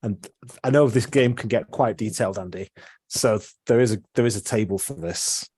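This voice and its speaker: A low-voiced man with a husky edge runs a tabletop game, chatty and relaxed as he explains the rules. His voice sits close and dry on the mic. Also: normal speed, no room sound. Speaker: game master.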